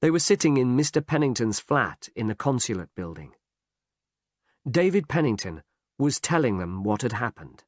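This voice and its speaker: A man narrating a graded reader story in a slow, measured audiobook style. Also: medium pitch, dry recording. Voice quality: slow, lively delivery. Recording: dry close recording.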